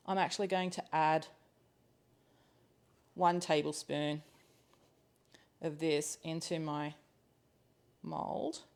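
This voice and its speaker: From her home kitchen, a woman hosts a live cooking class over low-quality livestream audio. Her voice is clear and resonant yet creaky, steady in tone, and she goes slowly with frequent pauses. She chats casually while working, thinking aloud with ums and laughing easily.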